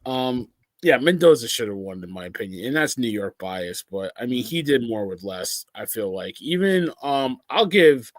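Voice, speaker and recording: A man's voice: mid-range voice, big pitch swings, normal speed, no echo. A man co-hosting a podcast, giving easygoing, rambling opinions on baseball. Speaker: podcast co-host. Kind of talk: casual sports chat.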